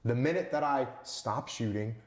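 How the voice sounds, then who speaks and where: A man holds forth as an interview guest, hitting his points with punchy repetition and rhetorical questions. His voice sits at a mid pitch and carries a roomy echo around it. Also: normal speed. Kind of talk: emphatic interview storytelling.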